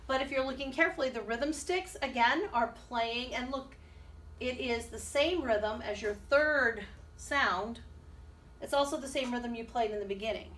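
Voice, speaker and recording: A woman's voice: a little high, normal speed, fairly bright tone. A woman music teacher leading a children's rhythm lesson, chanting rhythm syllables and encouraging her class. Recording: distant mic with faint background noise.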